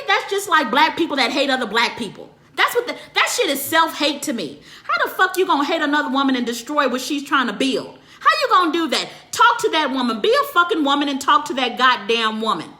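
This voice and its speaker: A woman's voice: high-pitched, bright, forceful tone. A woman counselor delivering a profane, emphatic rant to her viewers and answering their comments. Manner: profane and emphatic, swears constantly. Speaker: relationship counselor. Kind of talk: ranting monologue to viewers.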